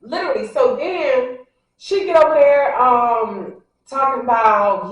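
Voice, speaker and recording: Woman vlogger talking to y'all, animated, does everyone's voices, high voice, super echoey, kinda far from the mic. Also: moderate pace, muffled recording. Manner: animated, acts out what people said; talks straight to the audience, addressing them directly. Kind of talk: casual storytelling to viewers.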